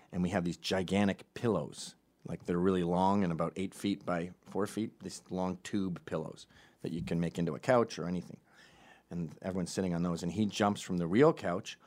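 A man's voice: low voice, darkish tone. A middle-aged man doing a profane, sardonic comedy monologue.

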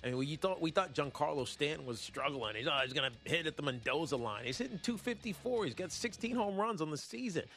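A man hosting a sports talk show, rambling and joking in a casual, animated way with lots of fillers. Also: a little high, fast talker, vocal fry, few pauses, faint music behind. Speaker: sports radio host.

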